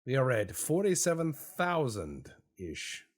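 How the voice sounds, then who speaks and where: A man's voice: medium pitch, very animated, takes it slowly. A man giving wry, meandering, sarcastic commentary while playing a strategy game. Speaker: gaming YouTuber. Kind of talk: casual gameplay commentary.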